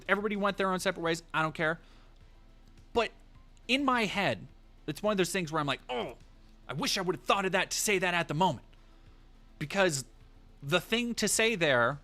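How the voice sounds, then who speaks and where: Man, slightly high voice, casual livestream storytelling, swears a lot, rambling, faint music behind. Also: sharp tone. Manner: rambling, profane, lots of fillers and restarts. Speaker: streamer.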